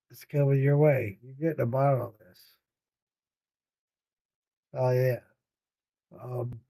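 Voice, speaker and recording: A man's voice: fairly high pitch, warm tone, dry recording. Tired, rambling man hosting a late chat. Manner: rambling, swearing, laughing with viewers. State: tired, yawning. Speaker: podcast host reading live chat. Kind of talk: casual livestream chat.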